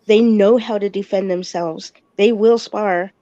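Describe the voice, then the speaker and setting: A woman speaking very slowly in a mellow, warm voice, pausing and restarting often. The recording sounds dry and a little dull. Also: medium pitch, fairly even intonation, dry recording. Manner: slow, halting, with many fillers. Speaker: parent in conversation. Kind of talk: casual chat.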